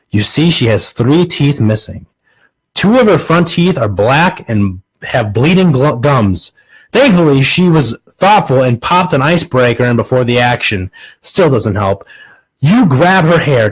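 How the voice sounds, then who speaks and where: Young man, comic monologue, crude, sarcastic, husky voice. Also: mid-range voice, rough recording. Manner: crude, sarcastic, restarts lines. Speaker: podcast host.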